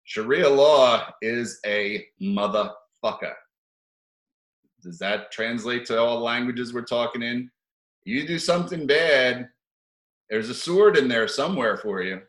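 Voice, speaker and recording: A man's voice: mid-range voice, expressive, a little slow, a bit bright, reverberant, rough recording. A man giving rambling, profane opinion commentary for his video channel, sardonic and given to chuckling asides.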